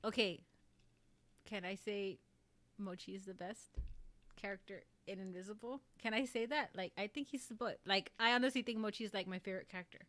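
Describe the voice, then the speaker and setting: A woman's voice: mid-range voice, fairly quick, fairly bright tone. A woman hosting a casual livestream, gushing about favorite voice actors in a rambling way, with lots of "like". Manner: gushing and rambling, heavy use of "like". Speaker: livestream host.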